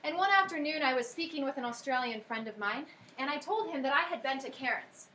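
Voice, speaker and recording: A woman's voice: high-pitched, lively intonation, brisk, bright, forceful tone, slight background noise, rough recording. A woman with an American accent giving an earnest devotional talk, telling a story and reading scripture aloud. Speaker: speaker giving a worship talk.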